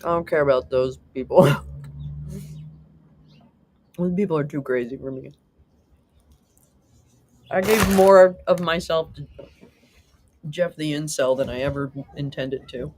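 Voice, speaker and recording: There's background noise behind this low-pitched woman, who talks a little slowly and pauses often. She hosts a relaxed livestream, chatting with viewers, reading chat aloud, laughing frequently, and swearing casually with self-deprecating humor.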